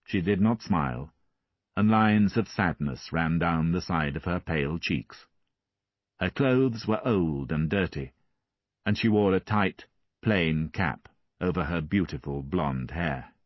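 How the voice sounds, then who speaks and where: A man reading a classic novel aloud as an audiobook narrator, measured and expressive. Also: low-pitched, dry recording, highs cut off.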